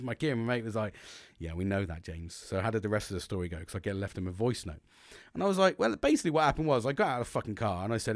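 A man's voice: mid-range voice, fast talker, dry recording, clean studio sound. A man telling a long story in a rambling monologue, swearing freely and acting out what people said. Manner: rambling, swearing, animated, acts out quotes.

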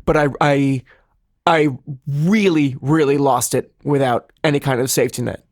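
A man's voice: fairly high pitch, steady tone, moderate pace, dry recording, studio quality. A man co-hosting a comedy podcast in casual chat, rambling and self-deprecating, with many restarts. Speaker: podcast co-host.

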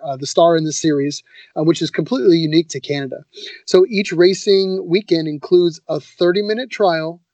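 A man's voice: fairly high pitch, a little mellow, dry recording. A man co-hosting a podcast in casual chat, enthusiastic and laid-back, often saying "man" and "dude". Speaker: podcast co-host.

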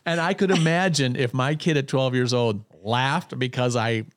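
A man's voice: medium pitch, fairly even intonation, moderate pace, no room sound, clean studio sound. A man in casual conversation, telling a self-deprecating childhood story with lots of restarts.

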